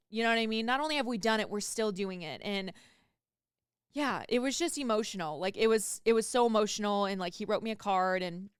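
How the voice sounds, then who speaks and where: A woman's voice: mid-range voice, a little fast, clean tone, no room sound, studio quality. A woman hosting a podcast, chatting casually and candidly and swearing freely. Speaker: podcast host. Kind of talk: casual chat.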